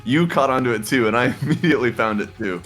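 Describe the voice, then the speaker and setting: A man's voice: medium pitch, fast talker, fairly bright tone, faint music behind. A man streaming with friends in casual chat, giggling and making crude jokes.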